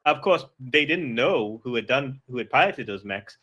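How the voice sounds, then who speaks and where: A man's voice: medium pitch, animated, moderate pace, sharp tone. A man narrating a tabletop game as game master, rambling with many fillers and restarts.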